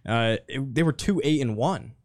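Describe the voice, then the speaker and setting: A man hosting a casual podcast, asking relaxed questions with a few fillers. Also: mid-range voice, moderate pace. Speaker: podcast host.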